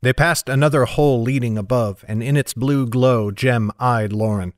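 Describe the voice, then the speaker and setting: A man narrating a fantasy audiobook chapter in a measured, even storytelling manner. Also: medium pitch, no echo, clean studio sound.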